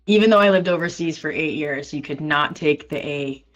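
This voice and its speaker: A Canadian woman with a Canadian accent hosting a live trading stream in casual chat, chatty and quick to laugh, reading out viewer questions. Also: sits low, lo-fi sound, soft background music. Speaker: stream host.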